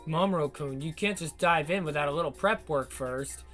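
A man's voice: fairly high pitch, moderate pace, fairly bright tone, soft background music, natural voice. A teasing older woman tutor, as a male reader puts her on. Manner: teasing, sultry. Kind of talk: adult audiobook narration.

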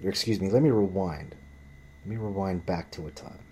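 A man's voice: low voice, brisk, darkish tone, breathy edge. A man telling a story in a ranting vlog monologue, blunt and profane, often rambling and restarting his sentences. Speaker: vlogger.

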